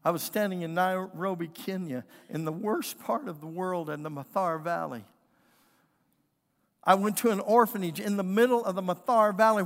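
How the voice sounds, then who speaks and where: A man preaching a sermon, building from quiet storytelling to impassioned, shouted declarations. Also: high voice. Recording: long hall reverb.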